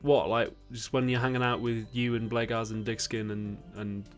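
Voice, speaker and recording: A man's voice: mid-range voice, level tone, moderate pace, soft background music. A young man hosting a livestream, reading viewer questions and chatting in a rambling way, laughing often. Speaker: host.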